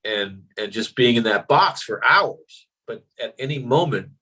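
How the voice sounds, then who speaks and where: A man's voice: mid-range voice, a little slow, breathy edge, low-quality recording. An American actor being interviewed, talking animatedly with lots of fillers and acted-out voices in his stories. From United States. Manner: animated, acts out voices in anecdotes, frequent fillers. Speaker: actor guest. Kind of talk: casual interview.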